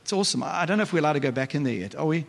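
A male pastor, preaching a lively, conversational sermon with frequent restarts. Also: fairly high pitch, rapid-fire, gravelly. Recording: reverberant church hall.

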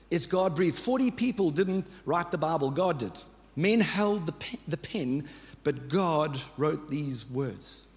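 A pastor in his thirties preaches in a warm, conversational way, doubling back on words as he builds each point. His voice sits a touch high for a man. It carries a long reverb, as if from a church hall. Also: animated, normal speed. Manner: earnest, conversational preaching with repetitions and asides. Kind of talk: sermon.

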